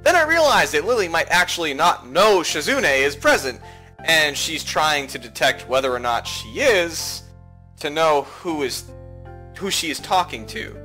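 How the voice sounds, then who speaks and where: A man reading a visual novel aloud for a playthrough, with lively, joking asides. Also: fairly high pitch, measured pace, soft background music. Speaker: let's play narrator.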